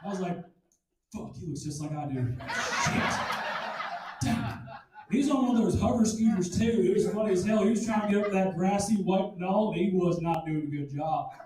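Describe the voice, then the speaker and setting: High-voiced crude stand-up comic. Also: male voice, a little fast. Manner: crude, self-deprecating, loud punchlines. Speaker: stand-up comedian. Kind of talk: stand-up comedy set. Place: comedy club stage. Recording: echoey room, distant mic, noisy.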